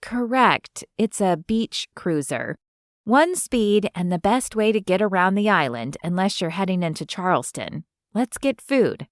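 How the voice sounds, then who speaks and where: A woman's voice: mid-range voice, animated, a little slow, no echo, studio quality, natural voice. A woman voicing a wry friendly young Southern woman.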